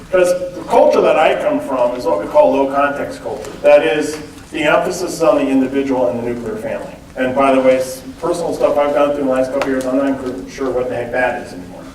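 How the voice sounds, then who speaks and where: A man's voice: medium pitch, fast, darkish tone, slight background noise. A man giving a conversational public talk, often checking in with the audience with "okay?" and "right?". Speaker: lecturer. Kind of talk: public talk on cultural differences. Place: event hall. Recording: roomy sound from a distant mic.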